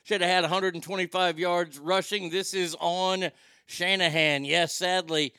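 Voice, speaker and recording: A man's voice: sits high, steady tone, a little slow, pushed and bright, clear, resonant tone, no room sound, studio quality. A man hosting a casual live chat, reading viewer comments aloud and swearing freely. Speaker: talk show host reading chat.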